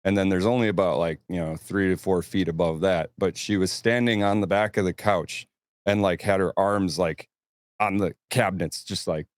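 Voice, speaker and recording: Man, very low voice, rambling storyteller, swears a lot, dry close sound. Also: normal speed, dry recording. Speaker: touring band crew member. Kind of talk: casual podcast chat.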